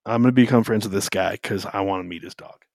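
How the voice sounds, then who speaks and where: Man, podcast co-host, rambling casual faith chat, fillers, low voice, dry recording. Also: quick pace, a little mellow, no echo. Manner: rambling, filler-heavy, self-interrupting.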